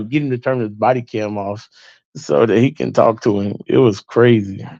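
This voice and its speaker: A man's voice: on the low side, measured pace, dry recording, dull audio. A man hosting a livestream, telling stories to his viewers in a loose, chatty way and calling them y'all. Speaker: livestream host. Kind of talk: casual storytelling to viewers.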